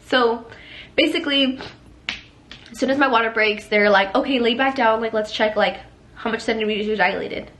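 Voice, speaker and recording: A woman's voice: a little high, normal speed, a bit bright, slight background noise. A young woman vlogger rambling through a storytime, full of "like" and acted-out quotes. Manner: rambling, lots of "like", acts out quoted lines. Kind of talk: casual storytime.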